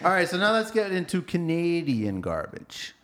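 A man's voice: on the high side, big pitch swings, normal speed, fairly bright tone. A man hosting a casual podcast chat, joking and sounding out foreign words. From Portugal. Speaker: podcast host.

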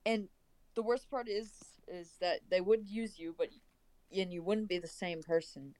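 A woman's voice: on the low side, steady tone, a little slow, a little mellow, no echo, rough recording. A woman playing a tabletop game, chatting casually in and out of character with a hesitant, restarting manner. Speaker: player. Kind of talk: casual tabletop role-play.

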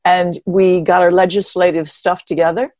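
Older woman guest with a lowish voice, recorded dry and close, telling stories with wry humor. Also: normal speed, dry recording. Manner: animated, expressive storyteller with a wry humor. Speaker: interview guest, pioneering marathon runner. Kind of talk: conversational storytelling.

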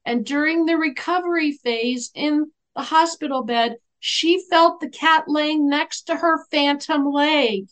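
Woman guest, animated storyteller, slightly high voice, acts out the dialogue. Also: measured pace, few pauses. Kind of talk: storytelling in a podcast interview.

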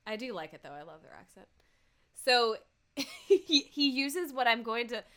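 A woman's voice: on the high side, big pitch swings, moderate pace, a bit bright. A woman chatting casually as a podcast co-host, recapping a TV episode, laughing often and acting out the characters' lines.

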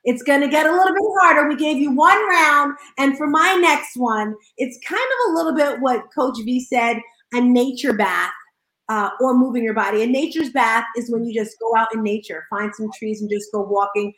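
A high-voiced woman hosts a casual panel chat, upbeat and exclamatory, calling out her points with bursts of loud emphasis. Her voice rings in a roomy, echoing space. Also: moderate pace. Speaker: host. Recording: roomy echo.

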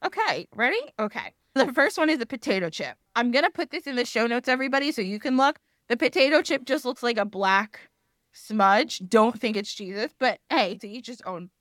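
A woman's voice: on the high side, expressive, brisk, fairly bright tone, no echo, studio quality. A woman hosting a podcast, chatting casually, rambling and laughing often as she acts out other people's voices. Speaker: podcast host. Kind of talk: casual chat.

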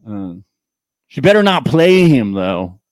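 A podcast co-host chatting casually, joking and laughing with quick asides. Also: mid-range voice, darkish tone, dry recording. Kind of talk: casual chat about reality TV.

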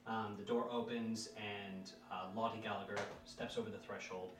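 A man narrating as game master of a tabletop game, relaxed, with many ums and uhs. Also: lowish voice, normal speed, echoey room, far from the mic.

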